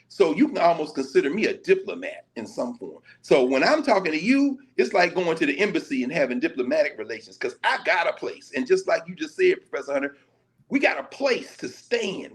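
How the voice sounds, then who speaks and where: A man from Nashville, a professor talking in lively conversational commentary, telling stories with quoted dialogue and casual vernacular. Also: high-pitched. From Nashville, Tennessee. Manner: animated storytelling, slipping into quoted dialogue and casual Black vernacular.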